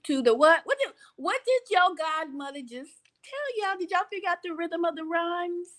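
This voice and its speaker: A woman giving animated commentary on a news clip, preaching with rhetorical questions at her listeners. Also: extremely high pitch, normal speed. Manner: preachy, rhetorical questions, laughs, slips into voices. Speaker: commentator reacting to a press clip.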